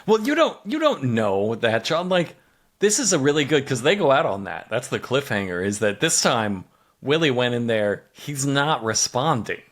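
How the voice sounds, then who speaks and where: A man co-hosting a comedy podcast, recapping a TV episode with animated, mock-dramatic storytelling. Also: mid-range voice, moderate pace. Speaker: podcast co-host.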